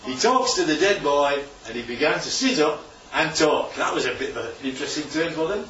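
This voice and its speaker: Man, chatty preacher, lively voice, distant dull lo-fi recording. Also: on the high side, fairly quick, echoey room, slight background noise. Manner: chatty, keeps asking the congregation "right?". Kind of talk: informal church talk with slides. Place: church hall.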